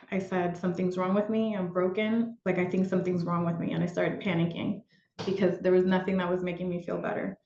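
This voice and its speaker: A woman's voice: lowish voice, darkish tone. A woman guest on a podcast, telling a personal story in a candid, reflective way, with fillers and restarts. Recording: roomy, dull lo-fi sound.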